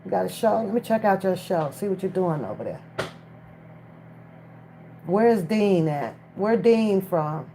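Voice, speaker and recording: A woman's voice: mid-range voice, expressive, measured pace, pauses often, warm tone, a little hiss or hum. A woman chatting casually on a live stream from her phone, talking straight to the viewers in chat. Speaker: livestream commentator.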